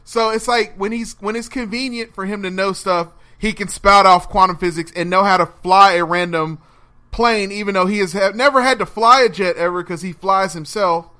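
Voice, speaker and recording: A man co-hosting a casual podcast chat, animated and acting out incredulous quotes with laughs. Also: sits high, moderate pace. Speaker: podcast co-host. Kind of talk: casual chat over a phone call.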